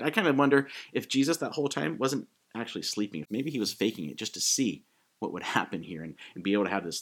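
A man preaching a sermon in a casual, animated way, acting out quick quotes as he goes. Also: fairly low pitch, husky. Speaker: pastor.

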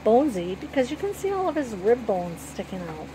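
A woman's voice: a little high, sing-song, brisk, background noise. A woman voicing a scrappy orphan girl who talks plainly and bluntly in a storybook reading. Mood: earnest. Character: scrappy orphan girl, guarded but loyal.

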